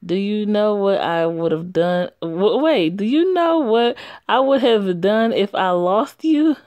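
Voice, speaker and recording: A woman's voice: mid-range voice, takes it slowly, a little mellow, dry recording, dull audio, natural voice. A woman voicing a protective teenage boy who scolds and swears out of worry. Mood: scolding.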